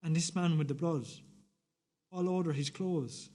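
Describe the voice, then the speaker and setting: A man's voice: a little high, dark tone. A young man playing a shaken youth in a student radio play monologue, who halts and repeats himself as he recalls a bloodied stranger. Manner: hesitant, halting, repeats himself.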